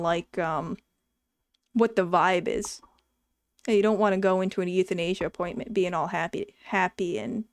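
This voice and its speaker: Reading from her chat, a streamer and ex-vet clinic worker casually tells frank, profane and animated stories about her past job. Her medium-pitched voice is captured in a dry, studio-quality recording.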